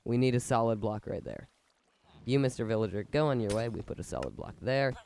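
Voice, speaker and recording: This is a man giving a let's-play commentary while sick with a fever, and it hurts when he talks. His voice sits mellow and soft-edged, yet it leaps up and down whenever something works. He rambles, restarts and walks through each step of his build with eager excitement. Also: medium pitch, a little fast, gravelly, slight background noise. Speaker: video game commentator.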